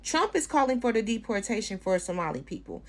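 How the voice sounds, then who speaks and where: A woman's voice: mid-range voice, big pitch swings, brisk. A woman giving blunt, outspoken opinion commentary with swearing. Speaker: social media commentator.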